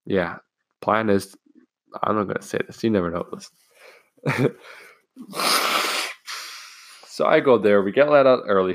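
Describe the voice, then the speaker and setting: Recorded dry, a teenage boy with a fairly low voice chats by himself about a school incident. He meanders, curses casually and keeps restarting his sentences.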